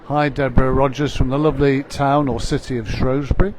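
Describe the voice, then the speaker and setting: A man's voice: medium pitch, little pitch movement, fairly quick, a little mellow. A man presenting a live dog show stream, chatting with his co-commentator and reading out greetings from viewers.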